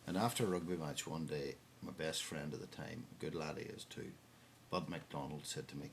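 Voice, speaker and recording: A man with a Northern Irish accent telling a tall tale in a dry, lively way. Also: extremely low pitch, brisk, gravelly, hardly any pauses, slight background noise. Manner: lively, dry storytelling with voices for characters. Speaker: storyteller.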